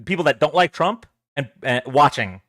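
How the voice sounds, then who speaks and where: A man's voice: a little high, expressive, normal speed, a bit bright, dry recording, studio quality. A man hosting a livestream, talking casually to his chat, exasperated and sarcastic, often repeating himself. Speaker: political livestream host.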